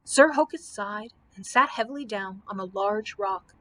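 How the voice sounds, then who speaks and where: A woman's voice: medium pitch, rough recording. Woman librarian reading a storybook aloud. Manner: expressive, measured storytelling.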